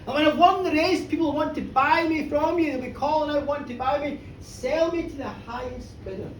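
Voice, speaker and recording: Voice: high voice, normal speed, echoey room, slight background noise, lightly acted. Coaxing shapeshifting boy as a storyteller puts him on, live bar sound, distant. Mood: scheming. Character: cheeky shapeshifting peasant boy.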